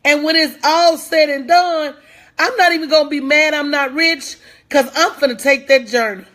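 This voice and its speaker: A high-voiced woman preaching a live-stream motivational talk. She repeats her lines like a sermon and pushes viewers to answer back. Her phrasing stays loose and folksy, and she greets people by name mid-flow. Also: normal speed, a bit bright. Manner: repetitive, preachy, urges viewers to respond. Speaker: motivational speaker.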